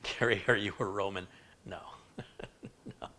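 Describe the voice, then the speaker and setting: A man's voice: fairly low pitch, steady tone, measured pace, bright, forceful tone, a little hiss or hum. A man hosting a PC-building live stream, rambling casually and reading viewer comments aloud. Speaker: PC building livestream host.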